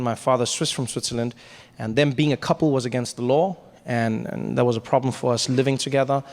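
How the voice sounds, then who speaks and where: A South African man performing stand-up comedy, telling playful stories and often laughing mid-line. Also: mid-range voice.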